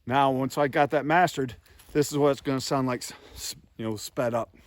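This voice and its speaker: A man's voice: medium pitch, fairly quick, no echo. A man teaching goose calling step by step, voicing honks and clucks to show the technique. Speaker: goose call instructor. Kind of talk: instructional demonstration.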